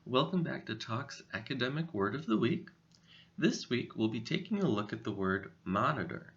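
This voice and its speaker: Guy teaching a vocab lesson, slow and clear, bouncy intonation. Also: mid-range voice, fairly bright tone, muffled recording. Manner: slow, clear, deliberate delivery. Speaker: English teacher.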